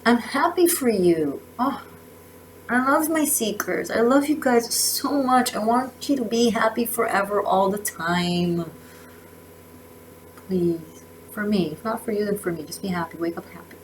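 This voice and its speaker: A woman's voice: medium pitch, a little slow, slight background noise, low-quality recording. Effusive woman doing a tarot reading. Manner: effusive, emotional, with many restarts and laughs. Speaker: tarot reader.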